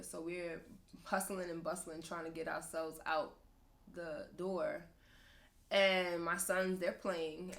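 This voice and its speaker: A woman's voice: on the low side, a bit bright. A young woman hosting a podcast, talking candidly and emotionally about motherhood, often laughing. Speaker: podcast host, mother of two sons. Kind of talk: candid personal talk.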